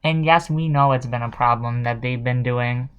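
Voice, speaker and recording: A man's voice: medium pitch, steady tone, normal speed, clean tone, lo-fi sound. Sarcastic young man ranting casually. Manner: sarcastic, exasperated, mocking. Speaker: vlogger. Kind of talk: casual commentary rant.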